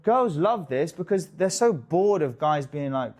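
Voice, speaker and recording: A young man talking straight to camera as a dating coach, casual and jokey, swearing freely and tossing in quick asides. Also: fairly high pitch, very animated, a little mellow. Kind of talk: direct-to-camera coaching talk.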